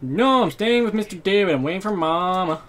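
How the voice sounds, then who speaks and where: A man's voice: high-pitched, expressive, a little fast, fairly bright tone, slight background noise. A man voicing a small, scared, whiny little boy in a game playthrough. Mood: stubborn.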